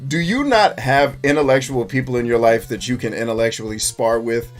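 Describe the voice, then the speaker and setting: Speaking briskly at a medium pitch over faint background music, a man plays a retro game on stream. He's animated and profane, laughing often as he chats casually with viewers and reads their comments.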